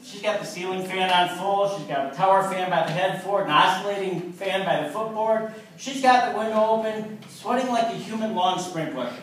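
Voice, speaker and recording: High-voiced man in his fifties doing stand-up. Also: normal speed. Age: 50s. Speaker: stand-up comedian. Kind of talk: stand-up comedy set. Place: comedy club stage. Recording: echoey club from far off.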